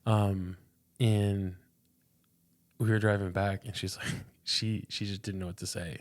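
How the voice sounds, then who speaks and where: A man's voice: fairly low pitch, level tone, a little slow. A young man and pastor, a podcast guest, telling a personal faith story in an earnest, casual way, often repeating words and saying "dude".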